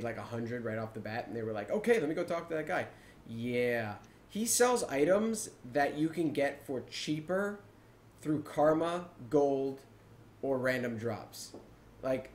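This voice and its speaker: A man hosting a casual gaming podcast, telling stories with animated, acted-out reactions. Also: mid-range voice, roomy sound. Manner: animated storytelling, acts out his own reactions. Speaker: podcast host.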